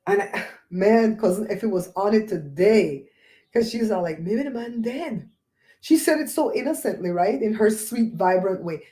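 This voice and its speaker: Animated, preachy woman host, mellow tone. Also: medium pitch, normal speed. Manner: animated, preachy, laughs often. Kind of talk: casual livestream chat.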